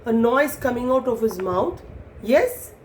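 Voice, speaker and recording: A woman telling a story to children in an animated way, stopping to explain things. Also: a little high, unhurried. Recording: echoey room, faint noise.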